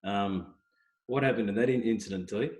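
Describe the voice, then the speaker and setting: A man's voice: on the low side, moderate pace, a little mellow. Interviewing man in a roomy space. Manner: friendly, stumbling questions with restarts. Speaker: host. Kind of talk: interview questions. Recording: roomy echo.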